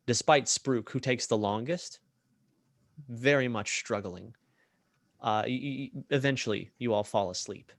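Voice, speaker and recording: A man narrating a tabletop role-playing game as game master, in a lively way with frequent fillers and restarts. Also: mid-range voice, unhurried, no echo, clean studio sound.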